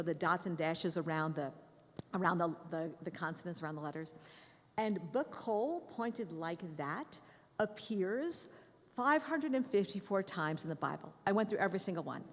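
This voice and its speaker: A woman giving a lecture to an audience in a conversational, joking way. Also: fairly high pitch. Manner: lively and conversational, joking with listeners. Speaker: lecturer on the Hebrew Bible. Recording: long reverb of a large hall.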